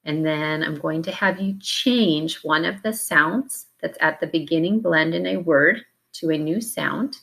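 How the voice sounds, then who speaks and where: A woman teacher leading a phonics drill, giving slow, deliberate, clearly enunciated prompts for children to repeat. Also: low-pitched, fairly bright tone.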